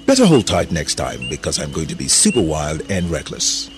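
A man's voice: a bass voice, wildly swooping pitch, normal speed, over music, heavily acted. A man voicing a playful, carefree male gorilla who talks in a boisterous, joking way.

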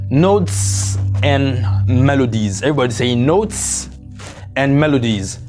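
A man preaching a sermon, slow and emphatic in scripture, then joking and confessional with the congregation. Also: medium pitch. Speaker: pastor. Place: church service, streamed online.

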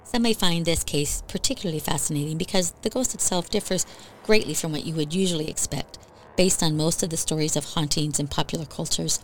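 Lower-voiced woman narrating a ghost story. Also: slight background noise. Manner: even, measured storytelling of a ghost tale. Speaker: podcast storyteller. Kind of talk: scripted narration.

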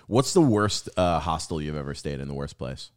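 A man's voice: very deep voice, very animated, normal speed. A man co-hosting a podcast, reacting to a guest's story with eager interjections. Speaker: podcast co-host. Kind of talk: casual chat.

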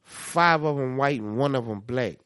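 A man with a New Orleans accent, co-hosting a podcast in casual chat, telling animated stories full of swearing and acted-out quotes. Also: medium pitch, normal speed, clear, resonant tone, dry recording, studio quality. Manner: animated storytelling, swears a lot, acts out quotes. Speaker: podcast co-host.

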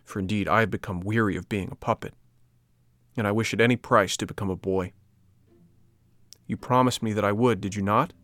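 A man voicing an impulsive wooden puppet boy, excited and pleading in a storybook reading. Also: on the low side, fairly quick, pauses often, no room sound, lightly acted. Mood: earnest.

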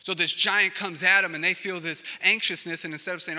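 A male pastor preaching in a relaxed, conversational way and slipping in joking asides. His voice is very bright and sharp, and it carries a long reverb from a big hall. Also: sits high, fairly quick. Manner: casual and conversational, acting out quotes with joking asides. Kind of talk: sermon.

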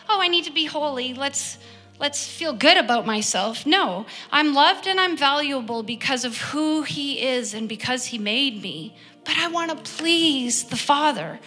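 A woman preacher giving an earnest, heartfelt sermon, reading scripture and pausing often. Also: sits high, pushed and bright. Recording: long hall reverb, faint music behind.

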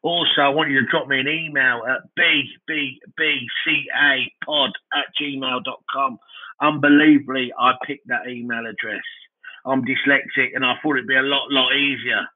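A man hosting a comedy podcast, rambling through a self-mocking comic monologue in a deadpan way. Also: medium pitch, normal speed, breathy edge. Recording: band-limited, phone-like sound.

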